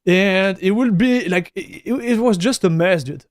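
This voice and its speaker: A man's voice: sits high, normal speed, no room sound, studio quality. French-accented man chatting on a live stream. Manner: chatty, reads viewer messages aloud, calls people dude and broski. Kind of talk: casual live-stream chat.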